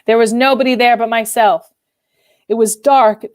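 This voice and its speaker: A woman's voice: on the high side, fairly even intonation, moderate pace, no echo, natural voice. A woman reading as a tormented older husband. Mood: grim.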